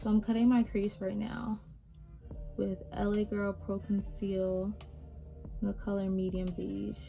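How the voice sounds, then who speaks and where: An animated young woman vlogger tells a casual storytime as she does her makeup. She swears freely and swings between loud exasperation and low, muttered asides. Her pitch sits mid-range, with faint music playing underneath. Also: measured pace, creaky.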